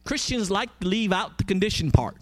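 A man's voice: high voice, animated, fairly quick. A man preaching a conversational sermon, emphatic and often asking his listeners questions.

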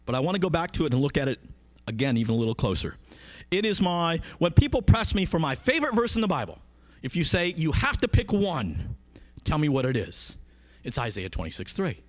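Lively-voiced man preaching a sermon. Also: on the high side, brisk, pauses often. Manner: conversational, emphatic, asks the audience questions.

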